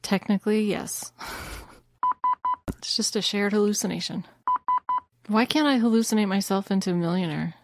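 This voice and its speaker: A woman's voice: medium pitch, moderate pace, long pauses, heavy background noise. Chatty woman podcast host. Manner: chatty and self-deprecating. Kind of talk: casual chat.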